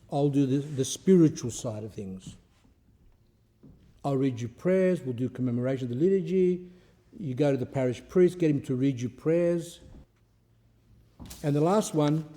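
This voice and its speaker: Mellow-voiced priest telling stories conversationally. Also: male voice, on the high side, moderate pace, long pauses. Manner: conversational storytelling with rhetorical questions; repeats and restarts phrases. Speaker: Orthodox priest. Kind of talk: informal spiritual talk.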